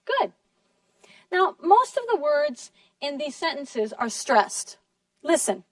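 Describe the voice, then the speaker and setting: A woman teaching a class, slowly and clearly modeling sentences and praising her students. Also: high-pitched, very animated, no room sound, recorded from a distance. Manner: slow, deliberate, encouraging, models sentences clearly. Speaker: English teacher. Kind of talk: classroom lesson in two languages.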